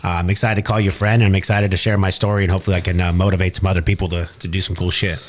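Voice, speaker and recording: A man's voice: low-pitched, slight background noise. A man from Southern California, a business owner and podcast guest, telling stories in a studio interview, swearing often and acting out both sides of conversations. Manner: fast, profane, animated retelling with quoted dialogue. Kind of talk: casual interview storytelling. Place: recording studio.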